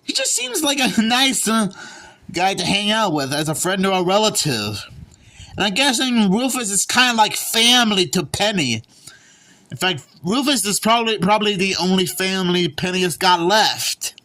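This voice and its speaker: Male reviewer with a bright, forceful voice; casual and stop-start, repeats himself. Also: high-pitched, very animated. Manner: halting, often repeats and restarts words. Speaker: movie reviewer. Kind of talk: casual spoken movie review.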